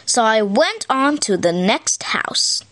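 A woman reading a picture book aloud in an animated, expressive way, as a storyteller. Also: fairly high pitch, slow.

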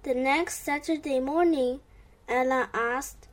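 A woman reading a children's storybook aloud as narrator, in a gentle read-aloud manner. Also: high voice, slow pace.

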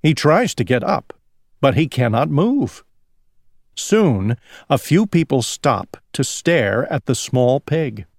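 A man reading a children's story aloud slowly for English learners, drawing words out. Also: mid-range voice, dry recording, studio quality. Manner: slow, lively, drawn-out reading. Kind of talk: slow storybook read-aloud.

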